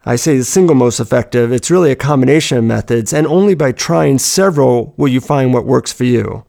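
A man's voice: mid-range voice, a little fast, gravelly, dark tone. A man giving a reflective self-help talk, telling personal stories about handling negative thoughts.

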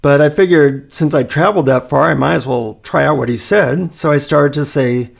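A man with a gravelly, creaky voice telling a long personal story in casual chat. He talks at an easy, anecdotal pace, filling pauses with little verbal fillers. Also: on the high side.

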